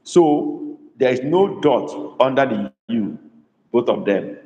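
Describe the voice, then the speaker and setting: A man teaches a live online class and repeats words slowly and patiently. He calls on students by name. His voice rings in a roomy space with a long reverb tail. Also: mid-range voice, animated, dark tone, muffled recording. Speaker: language tutor. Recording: echoey room with long reverb.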